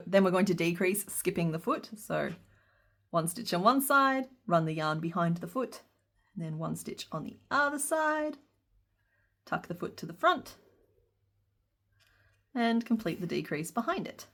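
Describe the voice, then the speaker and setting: A woman's voice: fairly low pitch, expressive, unhurried, long pauses, a bit bright. A woman teaching a crochet pattern step by step, counting stitches aloud and breaking into giggles. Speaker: crochet instructor. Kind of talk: step-by-step craft tutorial.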